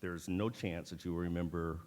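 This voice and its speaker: Low-voiced man speaking in a reverberant hall. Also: steady tone, darkish tone. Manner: measured, deliberate delivery with wry asides. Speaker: keynote speaker at a medical school ceremony. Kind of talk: formal ceremonial speech with dry humor. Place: large auditorium. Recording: long hall reverb from a large auditorium.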